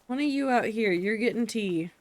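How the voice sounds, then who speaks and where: A woman's voice: a little high, lively intonation, moderate pace. Playful young woman streamer. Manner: playful, mock-exasperated. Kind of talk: casual game commentary.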